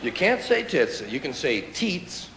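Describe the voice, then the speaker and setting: A man performing a stand-up comedy routine, riffing and mock-indignant, with sudden loud outbursts, recorded live on stage. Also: on the high side, sing-song, measured pace, gravelly, very noisy. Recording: old live recording, roomy hall with audience laughter. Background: audience laughter.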